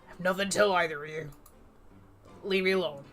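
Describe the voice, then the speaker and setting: A woman voicing a gruff teenage male echidna with a put-on Southern drawl, slow and terse. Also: fairly low pitch, steady tone, a bit bright, soft background music, pitched below the performer's own voice.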